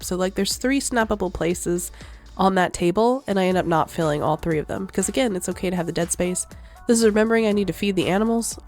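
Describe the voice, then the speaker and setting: Brief: young woman, casual gameplay voice-over, rambling and laughing, mid pitch, soft music behind. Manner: chatty, rambling, laughs often. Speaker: gaming vlogger.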